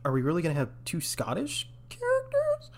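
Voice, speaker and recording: A man's voice: high-pitched, wildly swooping pitch, brisk. An American man co-hosting a podcast, chatting casually, laughing often and acting out quotes. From United States. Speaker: podcast co-host. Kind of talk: casual chat.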